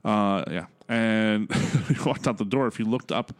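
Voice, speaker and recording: A man's voice: lowish voice, unhurried, dry recording. Laid-back man telling travel stories. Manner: laughs often, lively anecdotes. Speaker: podcast co-host. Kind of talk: casual storytelling chat.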